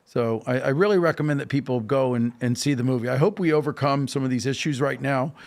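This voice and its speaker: As a podcast guest, a man tells a story in animated, casual talk, speaking fast in a mid-range voice. He leans on emphasis, often checks in with "okay?", and restarts his sentences with fillers.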